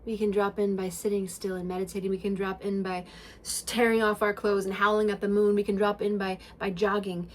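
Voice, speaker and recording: A woman's voice: mid-range voice, level tone, a little fast, slight background noise. Emphatic, hard-swearing woman hosting a podcast. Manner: emphatic and profane, swinging between loud and hushed. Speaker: podcast host. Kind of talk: spiritual self-help monologue.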